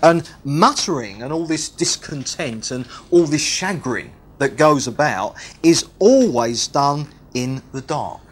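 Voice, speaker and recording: A man's voice: on the high side, expressive, slow pace, few pauses, husky. A man preaching a sermon, teaching with repetition and humorous asides.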